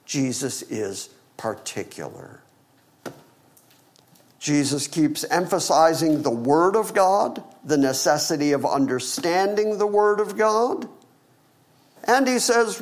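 A male pastor preaching a sermon, with wry asides and dramatic swings in pitch, dropping low for emphasis. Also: takes it slowly.

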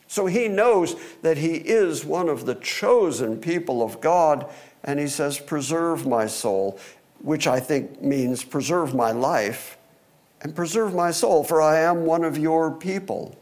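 A man's voice: fairly high pitch, a little mellow. A man teaching verse by verse through a psalm, reading scripture aloud and then explaining it in plain words. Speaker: Bible teacher.

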